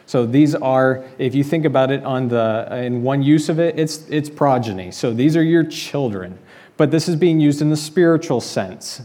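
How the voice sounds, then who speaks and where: Mellow-voiced male pastor preaching. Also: mid-range voice. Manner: conversational, explanatory preaching with rhetorical questions. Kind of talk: sermon. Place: church sanctuary.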